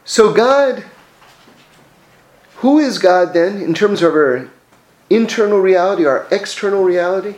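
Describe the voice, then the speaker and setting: High-voiced, animated man teaching Torah. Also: measured pace, pauses often. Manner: animated storytelling with many restarts. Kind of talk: religious class, story-driven teaching. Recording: echoey room.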